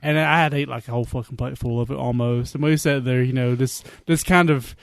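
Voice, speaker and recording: A man's voice: mid-range voice, steady tone, brisk, gravelly, clean tone, no room sound, clean studio sound. A man co-hosting a podcast, telling a story in a laid-back, joking way and swearing casually. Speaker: podcast co-host. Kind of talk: casual chat.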